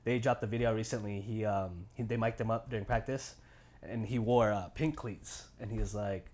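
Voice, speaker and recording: A young man chats excitedly on a casual podcast. His talk is slangy and enthusiastic, and he keeps restarting his sentences with fillers. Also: on the low side, normal speed. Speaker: podcast co-host. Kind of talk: casual sneaker chat.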